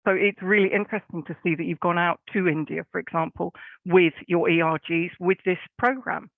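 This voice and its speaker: Effusive host on a thin phone line. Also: male voice, sits high, fairly even intonation, fairly quick, creaky, dry recording. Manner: effusive, encouraging. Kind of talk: panel interview.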